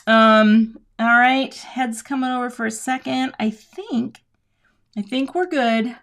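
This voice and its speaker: A woman's voice: on the high side, slow, fairly bright tone. A middle-aged woman hosting a live crafting stream, chatting casually to viewers and thinking aloud as she works. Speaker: crafting livestream host. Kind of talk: casual live demo chat.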